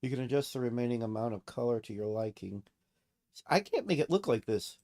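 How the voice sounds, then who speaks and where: A man streaming late at night, rambling and swearing as he pokes fun at himself. He sits right up against his desk mic at home. His voice is mid-pitched and his delivery is loose and unscripted. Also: expressive, a little fast, warm tone. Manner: rambling, self-mocking and profane. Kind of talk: casual solo livestream chat.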